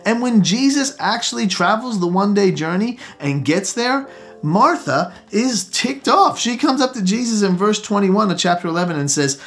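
A man's voice: sits high, expressive, moderate pace. A man preaching a sermon with rising emphasis and call-outs to the congregation. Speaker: pastor. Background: soft guitar music.

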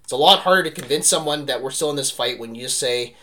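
Animated bright-voiced man. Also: mid-range voice, fast talker. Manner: animated, rambling, heavy use of "like" and "right?". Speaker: podcast co-host. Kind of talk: casual history discussion.

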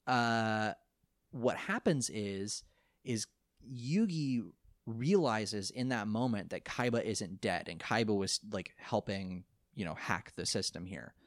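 Low-pitched man, dry sound, casual rambling recap with laughs. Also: slow pace, no echo. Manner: rambling, animated retelling with laughs and quoted lines. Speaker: podcast co-host recapping an anime. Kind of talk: casual chat.

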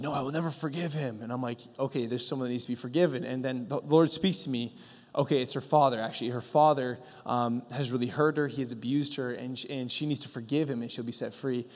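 A man's voice: medium pitch, steady tone, fast talker. A man telling a testimony in a sermon, earnest, with many fillers and restarts. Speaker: preacher sharing a testimony. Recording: long hall reverb.

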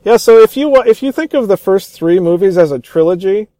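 Eager, fairly high-voiced man in a dry room. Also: animated, brisk, mellow, no echo. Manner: enthusiastic retelling, acts out quoted lines; frequent restarts and fillers. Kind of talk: casual chat about a film.

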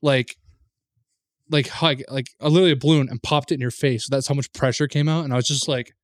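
A man's voice: medium pitch, fairly even intonation, fast talker, no room sound. Rambling man recounting a hunt. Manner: rambling, lots of fillers while recounting. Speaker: podcast co-host. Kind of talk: casual chat.

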